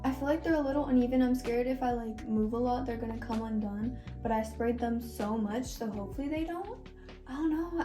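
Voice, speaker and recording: A woman's voice: fairly high pitch, dark tone. A young woman chatting casually in a reading vlog, gushing and full of filler words. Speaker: book vlogger. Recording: faint music underneath.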